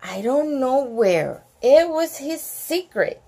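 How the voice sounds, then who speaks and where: A woman's voice: high voice, very animated, takes it slowly, mellow, slightly rough, full character voice. A woman voicing an old female mole who runs a pool hall, in a giggly, lightly acted read-aloud voice. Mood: fond.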